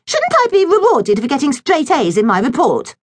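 A woman doing a shrill, whiny little girl. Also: huge pitch swings, normal speed, no echo. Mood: indignant. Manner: shrill, complaining. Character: whiny spoiled young girl, fussy and sulky.

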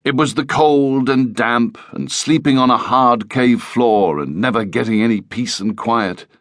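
A man's voice: medium pitch, unhurried, a bit bright, no room sound, studio quality. A man narrating a children's audiobook in a playful, lightly comic storytelling manner.

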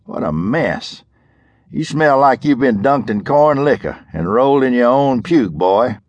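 A folksy, menacing older sheriff, voiced by a man who pushes his low voice noticeably higher and slower. He drawls and mocks, leaning on each word, in a dry, close audiobook read. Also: lively intonation, darkish tone, dry recording, muffled recording. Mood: disgusted. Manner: drawling, mocking.

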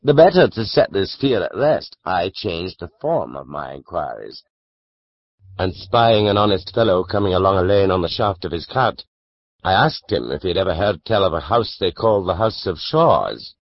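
A man narrating a classic novel as an audiobook, measured and expressive. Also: deep voice, dry recording, lo-fi sound.

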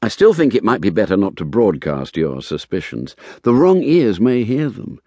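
Brief: narrator doing a reluctant, terse former investigator, low voice, dry studio read. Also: male voice, wildly swooping pitch, normal speed, a little mellow, no room sound. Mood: cautious. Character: weary former male private investigator, reluctant. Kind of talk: audiobook character voice.

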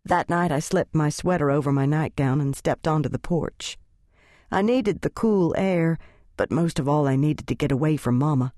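A woman's voice: deep voice, moderate pace, mellow, no echo. Woman narrating an audiobook in a dry studio. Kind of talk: scripted narration.

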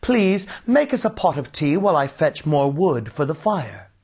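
A man voicing a cheerful, gentle young husband with a playful, coaxing way of talking. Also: fairly high pitch, very animated, moderate pace, slightly rough, heavily acted.

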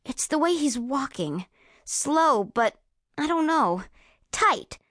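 A woman narrating a first-person audiobook in a lively, expressive storytelling manner, close to a studio mic. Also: fairly high pitch, no echo.

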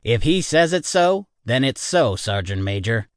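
A man voicing a loyal, cheerful male gunnery sergeant in an audiobook, rough and friendly in manner. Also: mid-range voice, sing-song, unhurried, dry recording, clean studio sound. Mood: hearty.

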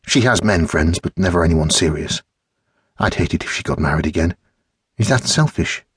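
A man's voice: low voice, expressive, moderate pace, slightly rough, dry recording, exaggerated voice. A man voicing a teasing, moody teenage boy in an audiobook, dry and wry. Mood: brooding. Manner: teasing, then brooding.

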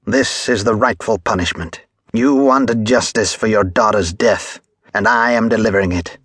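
Audiobook: male narrator reading a cold, commanding mob chairman, low husky voice. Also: moderate pace, a bit bright, dry recording, studio quality. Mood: harsh command. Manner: harsh, commanding. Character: stern male chairman leading a lynch mob.

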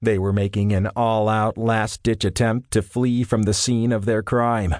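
Male audiobook narrator, measured, lowish voice, dry studio mic. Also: level tone, a little mellow, no echo. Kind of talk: scripted narration. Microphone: studio microphone.

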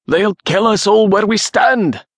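Man doing a desperate young Highland soldier. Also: unhurried, no echo, clean studio sound, full character voice. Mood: urgent. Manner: urgent shouting.

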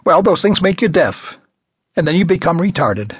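A grating, domineering older woman with a raised, pushy voice and a husky edge, as a male narrator puts her on. She is impatient and bossy, and it sounds like a dry, close audiobook read. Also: on the high side, very animated, moderate pace, dry recording, pitched above the performer's own voice. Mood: scolding.

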